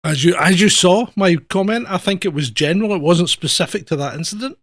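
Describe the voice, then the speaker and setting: A man's voice: high-pitched, a little fast, a bit bright, no echo. A Scottish man co-hosting a casual talk show, telling stories and acting out the people in them. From Scotland. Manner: storytelling with laughs, acts out quoted voices. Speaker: podcast co-host, former police officer. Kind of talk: casual anecdotal chat.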